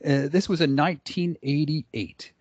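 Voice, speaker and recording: A man's voice: on the high side, steady tone, a little slow, a little mellow, no echo. A middle-aged man giving a conversational storytelling presentation, with frequent filler words. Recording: dull, lo-fi dry recording.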